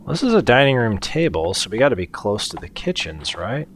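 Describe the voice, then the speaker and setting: A man hosting a let's play, commenting excitedly on a horror game and swearing at scares. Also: medium pitch, brisk, a little hiss or hum. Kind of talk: gameplay commentary.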